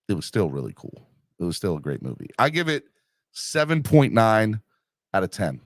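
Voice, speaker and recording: A middle-aged man with a fairly low pitch hosts a podcast, sounding clean in the studio with no echo. He rambles casually through live comments, teasing himself and constantly using fillers and restarting sentences.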